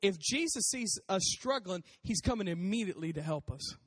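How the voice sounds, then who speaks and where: A man preaching a casual sermon in a conversational, animated way, acting out voices as he talks. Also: high-pitched, normal speed, in a large hall.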